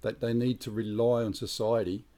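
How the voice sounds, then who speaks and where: A man's voice: medium pitch, level tone, normal speed, mellow. An Australian man giving blunt, emphatic prepping advice outdoors in a casual monologue, swearing freely. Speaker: prepping vlogger. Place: outdoors near trees.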